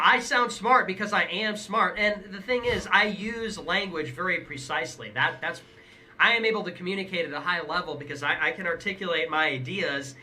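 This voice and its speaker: A man playing a smug young male pundit who brags about his own genius in a flat, boastful way. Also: high voice. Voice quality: boastful, monotone, then shouting. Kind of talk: played clip.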